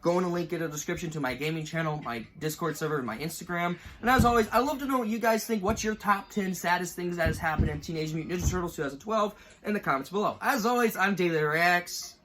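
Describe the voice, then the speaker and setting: A man's voice: sits high, fast, few pauses, fairly bright tone, slight background noise. Emotional young man rambling on camera. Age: 20s. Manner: emotional, rambling, fighting back tears. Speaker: YouTuber ranking cartoon moments. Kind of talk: casual vlog commentary.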